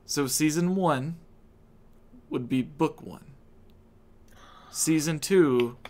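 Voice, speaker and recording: Male streamer host, middle pitch, playful and teasing, loose chat. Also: a little hiss or hum. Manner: joking, teasing. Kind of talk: casual livestream chat.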